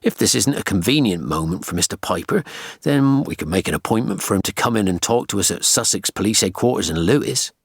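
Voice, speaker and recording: Audiobook: male narrator doing a blunt old-school detective, crude, lively, husky. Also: on the low side, fairly quick, no echo, studio quality.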